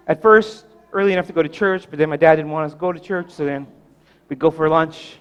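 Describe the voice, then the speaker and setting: A high-pitched male pastor delivering a storytelling sermon. He swings from loud, bright passages to near-hushed lines and stretches key words with slow, deliberate pauses. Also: clean tone.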